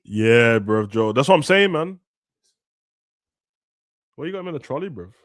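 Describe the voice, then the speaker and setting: A young man, ranting and joking as a streamer during a football watch-along, now and then shouting. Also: medium pitch, expressive, moderate pace, no echo, clean studio sound. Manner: ranting, slangy, bursts of shouting. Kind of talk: casual chat over a live match.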